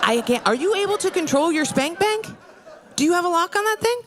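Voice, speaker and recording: A woman's voice: extremely high pitch, a little fast. A woman comedian doing a brash, crude stand-up set on a live stage recording with audience laughter behind her. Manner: brash, crude, animated storytelling. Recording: live stage mic, loud crowd, noise.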